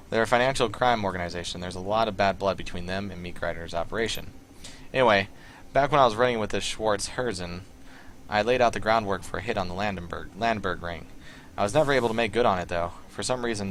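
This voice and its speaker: A man voicing a nervous, indebted male hacker with a put-on Southern accent, talking in halting, filler-heavy bursts. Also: deep voice, fairly bright tone, a little hiss or hum.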